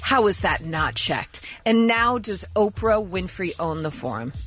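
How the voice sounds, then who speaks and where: A woman co-hosting a radio morning show, telling odd news stories in animated, laughing banter. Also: lowish voice, unhurried, soft background music. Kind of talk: casual comic radio banter. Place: radio studio. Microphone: studio microphone.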